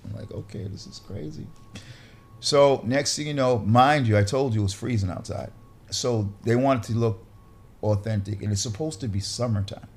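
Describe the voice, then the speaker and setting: A man, an actor, telling an animated story from a film set, acting out the people in it, with many restarts and fillers. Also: medium pitch, moderate pace. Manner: acts out quoted voices, frequent restarts and fillers.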